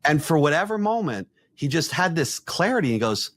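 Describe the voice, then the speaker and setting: A middle-aged man, an executive coach, telling blunt, animated stories in a podcast conversation and acting out the quotes. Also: a little high, a little fast, hardly any pauses, no echo.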